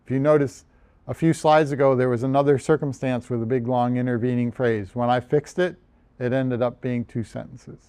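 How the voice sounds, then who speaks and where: A man's voice: medium pitch, steady tone, moderate pace, warm tone, smooth. A man from the United States, a journal editor, giving a conversational lecture over slides with frequent ums and restarts. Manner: conversational, self-deprecating, many ums and restarts.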